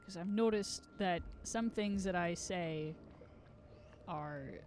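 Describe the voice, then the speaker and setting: A young streamer with a slight Southern US accent chats casually as she plays, full of rambling, jokes, and free swearing. She speaks slowly in a lowish, somewhat mellow voice, with a bit of background noise.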